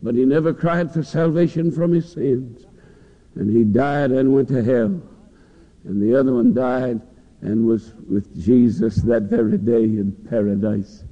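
A man's voice: medium pitch, animated, measured pace, gravelly, dark tone. A man preaching a sermon in a church, with passionate, rising and falling delivery. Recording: dull lo-fi recording in a long-echo hall.

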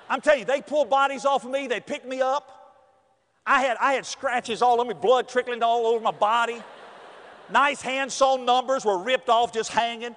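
A man from North Carolina, telling a personal story to an audience in a lively way, acting out other people's voices and sometimes shouting. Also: extremely high pitch, moderate pace, long pauses. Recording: long hall reverb.

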